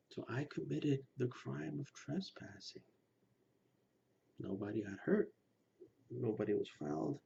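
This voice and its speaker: A man speaking earnestly to his listeners, pressing his points and sometimes dropping to a hushed near-whisper. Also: medium pitch, vocal fry. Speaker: Lukumi practitioner speaking to his channel. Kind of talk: personal commentary to camera. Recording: slightly dull recording with faint background noise.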